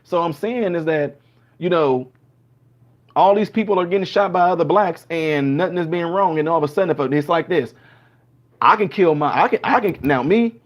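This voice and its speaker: Male host, animated storyteller, dull lo-fi recording. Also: a little high, normal speed. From Chicago. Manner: animated storytelling, acting out quoted people. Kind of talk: casual monologue.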